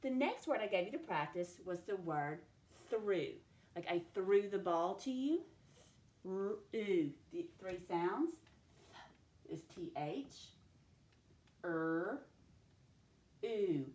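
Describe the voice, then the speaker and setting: A woman teacher giving a recorded spelling dictation lesson, slowly sounding out each letter and sound. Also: fairly low pitch, animated, darkish tone. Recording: echoey room.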